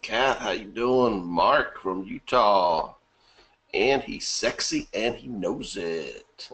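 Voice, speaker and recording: A man's voice: lowish voice, expressive, slow, fairly bright tone. A man with a bad cough hosting a live webinar in a casual way, greeting viewers by name from the chat and laughing often. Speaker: webinar host.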